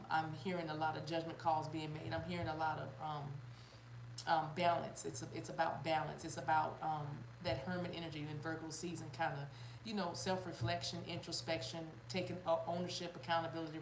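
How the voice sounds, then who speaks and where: A woman's voice: deep voice, roomy sound, a little hiss or hum, rough recording. A woman giving a spiritual reading on a live stream, rambling, with many fillers and restarts, talking straight to her viewers. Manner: addresses viewers and chat directly, laughs often. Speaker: spiritual reader.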